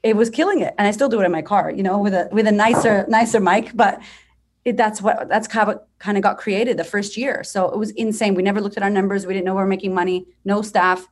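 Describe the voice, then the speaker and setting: A woman in her thirties, a business coach telling her story as a podcast guest, talking bluntly with lively energy and some swearing. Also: mid-range voice, fast, a little hiss or hum. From United States. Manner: blunt, profane, energetic and animated.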